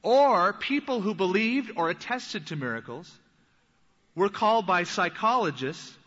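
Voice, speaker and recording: A man delivers an earnest teaching sermon, his voice bright and forceful and sitting a little high. He slows down when he quotes scripture. The recording is muffled and lo-fi, with the long reverb of a large hall. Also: lively intonation. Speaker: pastor.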